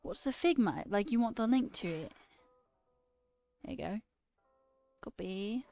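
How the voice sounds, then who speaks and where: A woman's voice: medium pitch, expressive, measured pace, mellow, faint music behind. A woman streamer chatting casually with her viewers while coding, self-mocking and swearing freely.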